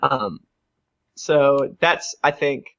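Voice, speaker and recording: A man's voice: mid-range voice, lively intonation, extremely slow, gravelly, fairly bright tone. A man running a tabletop game in casual chat, laughing and thinking aloud, on a dull lo-fi recording. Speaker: game master.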